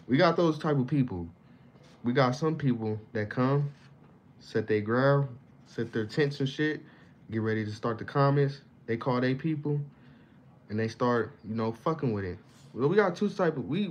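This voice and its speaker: A young male vlogger goes on a casual, unscripted rant in a medium-pitched voice at a moderate pace. He's slangy and profane, rambling with sudden loud bursts, and the lo-fi recording sounds slightly dull with faint hiss.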